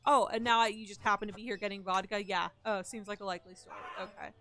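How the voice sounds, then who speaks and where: A woman live-streaming from home, chatting in a self-mocking way as she plays and sometimes yelling loudly at the customers in the game. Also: medium pitch, fairly even intonation, fast talker. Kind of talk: casual live-stream commentary while gaming.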